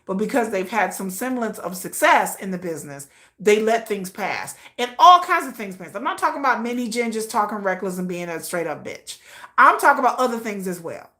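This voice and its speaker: Blunt, animated woman commentator, bright voice. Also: mid-range voice, fairly quick. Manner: blunt, animated and slangy, acting out quoted lines. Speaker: livestream host and commentator. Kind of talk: casual opinion livestream.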